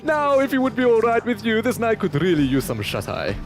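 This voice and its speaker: A man's voice: big pitch swings, fast, soft background music, lightly acted. A man voicing a pompous, theatrical male knight who speaks in grand, old-fashioned phrases. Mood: boastful. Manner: booming, high-flown old-fashioned speech.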